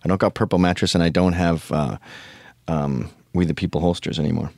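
A man's voice: low voice, steady tone, fairly quick, gravelly, darkish tone, no room sound. A man hosting a podcast, telling a rambling, profane comic story full of tangents. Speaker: podcast host. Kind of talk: casual comedic storytelling.

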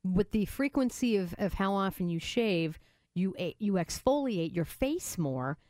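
Animated woman co-host, dry studio. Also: mid-range voice, no echo. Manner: chatty, quick to joke and chime in. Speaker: radio co-host. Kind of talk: casual morning radio chat. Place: radio studio.

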